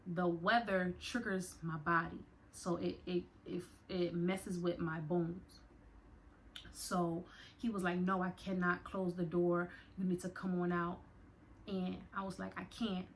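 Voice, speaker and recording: A woman's voice: fairly low pitch, a bit bright, slight background noise. A young woman telling a personal story to her viewers, emotional and conversational. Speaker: vlogger. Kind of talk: storytime vlog.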